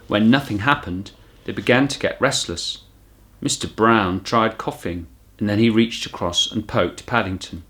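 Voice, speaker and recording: A primary school teacher with a fairly low-pitched voice reads a children's storybook aloud, telling it in an animated way.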